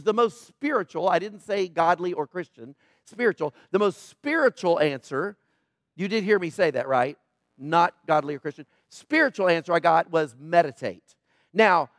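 A middle-aged man preaching a sermon in a conversational, sarcastic way, with quiet asides. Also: high voice, no room sound, clean studio sound. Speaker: pastor.

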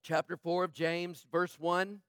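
A male pastor delivers an impassioned sermon in a high voice. He swings from loud, urgent passages to quiet, hushed ones. The sound is close and dry. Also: flat delivery, a little slow, clean tone, no room sound.

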